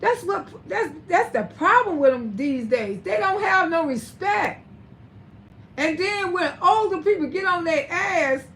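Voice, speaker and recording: Live-stream host: older woman, high voice, blunt and profane, faint background hiss. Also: a bit bright. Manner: blunt, scolding, swears freely. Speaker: livestream host.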